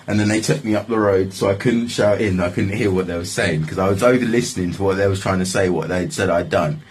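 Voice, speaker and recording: A young man spins a casual story, full of swearing and filler phrases. His voice sits on the low side and has a husky, breathy grain. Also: fast, low-quality recording. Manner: swearing, rambling, repeats "like, literally". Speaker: vlogger telling a story.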